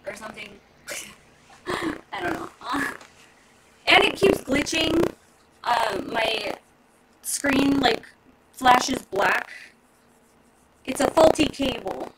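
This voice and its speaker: A high-voiced young woman rambles in a slow, easy way to her live-stream audience, laughing often. She sounds set back from the mic in a room at home, and a steady background noise runs under her voice. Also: distant mic. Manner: giggly, rambling, chatty. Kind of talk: casual live-stream chat.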